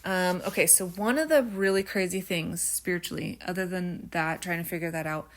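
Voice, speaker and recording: A woman's voice: lowish voice, normal speed. Chatty woman with a faint twang. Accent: slight rural American twang at times. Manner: chatty, rambling, many fillers and tangents; slight stutter. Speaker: vlogger. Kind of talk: casual storytelling while crafting.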